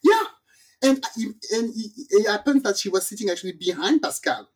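A woman from the Caribbean hosting a podcast, telling a story in a lively, casual way and acting out the people in it. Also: medium pitch, normal speed. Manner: animated storyteller, acts out quoted voices. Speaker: podcast host.

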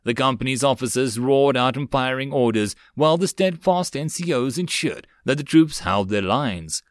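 Male audiobook narrator, steady storytelling, dry close recording. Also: medium pitch, moderate pace, no echo. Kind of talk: web novel audiobook reading.

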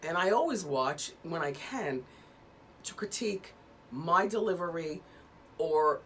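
A woman in her fifties, a talk show host making a measured, self-assured statement to her viewers. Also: lowish voice, animated, a bit bright, slight background noise. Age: 50s.

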